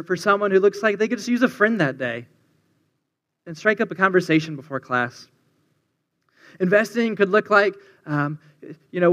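High-voiced man preaching a campus sermon. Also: sharp tone. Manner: earnest, repetitive, building refrains.

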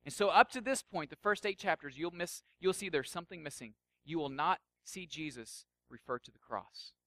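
A man pastor giving a sermon in a conversational, jokey way, often dropping to a soft, intense tone. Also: a little high, lively intonation, normal speed.

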